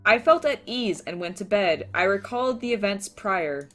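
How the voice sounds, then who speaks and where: A woman's voice: mid-range voice, expressive, normal speed, soft background music. A woman co-hosting a let's play, reading the heroine's lines aloud with chatty, bemused side comments. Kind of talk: reading a visual novel aloud.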